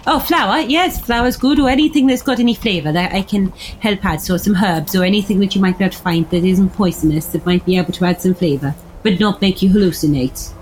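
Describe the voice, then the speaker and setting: A woman's voice: medium pitch, brisk, hardly any pauses, darkish tone, slight background noise, rough recording. A woman playing a tabletop game, rambling and filling gaps with ums. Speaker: player. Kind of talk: tabletop role-play chat.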